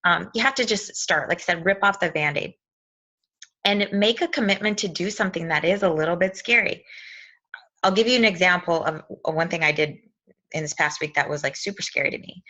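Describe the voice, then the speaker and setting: A woman giving an animated motivational talk, telling stories and acting out what people said. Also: on the low side, highs cut off. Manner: animated storytelling, acts out quotes.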